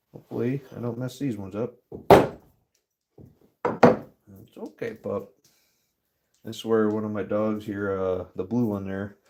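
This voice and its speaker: A man talks through a relaxed live stream from his workshop, drifting between topics while he stamps metal. His voice sits fairly low with a soft, warm tone. He swears freely and breaks into easy laughs. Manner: rambling, swears often, laughs easily. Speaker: livestream host. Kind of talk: casual live stream chat.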